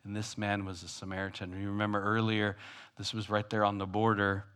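Animated male pastor preaching. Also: on the low side, fairly quick, smooth. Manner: animated, swings between loud and hushed; conversational, self-deprecating. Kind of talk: sermon.

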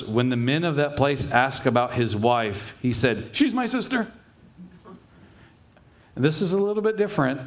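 A man preaching a sermon in a conversational way, acting out lines from the scripture passage as he tells it. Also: lowish voice. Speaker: pastor.

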